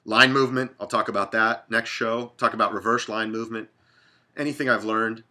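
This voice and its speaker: A man in his thirties hosting his own sports betting show, talking off the cuff. He sounds blunt and profane, and his voice has a sharp, bright edge as he rambles from game to game. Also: lowish voice, fairly even intonation, a little fast. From Dallas, Texas. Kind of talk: casual sports talk monologue.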